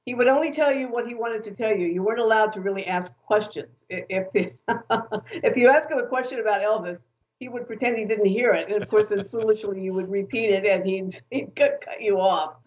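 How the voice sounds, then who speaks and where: A woman author being interviewed, telling stories in an animated, opinionated way. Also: mid-range voice, fairly quick, dull audio. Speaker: author and guest.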